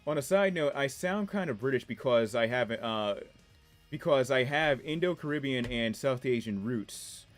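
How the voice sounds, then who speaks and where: A man's voice: mid-range voice, lively intonation, moderate pace, faint music behind. A man in his twenties from the Washington DC area, with a mixed DC-area and New York accent, rambling and laughing as he reads chat during a casual game stream. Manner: rambling, chatty, laughs often. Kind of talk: casual gameplay livestream chat.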